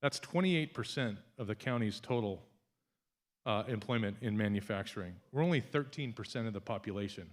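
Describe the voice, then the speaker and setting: A man who is an economic development director, giving an energetic, enthusiastic speech to an audience. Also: on the low side, fairly quick. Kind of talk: public speech.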